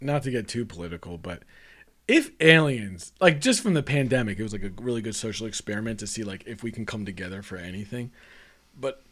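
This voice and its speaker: A man's voice: lowish voice, expressive, a little fast, fairly bright tone. A man on a movie podcast, chatting casually and animatedly and swearing freely. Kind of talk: casual chat.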